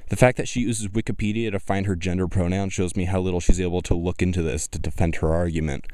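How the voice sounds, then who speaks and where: A man's voice: low voice, steady tone, fast talker, a little mellow, no echo, clean studio sound. A man giving mocking, argumentative reaction commentary on video clips. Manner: scornful, argumentative.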